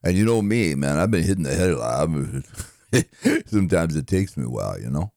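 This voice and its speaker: A man impersonating a gentle, dim-witted middle-aged boxer who mumbles and rambles with halting, self-mocking speech. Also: extremely low pitch, big pitch swings, dry recording, studio quality, pitched below the performer's own voice, full character voice. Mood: rambling. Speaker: impressionist. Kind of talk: comedic impression monologue.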